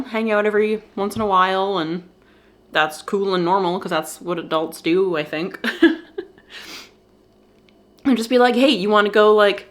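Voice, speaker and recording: A young woman vlogging candidly about feeling lonely, talking in a soft, halting way and a little teary, with nervous laughs. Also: mid-range voice. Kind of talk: candid personal vlog.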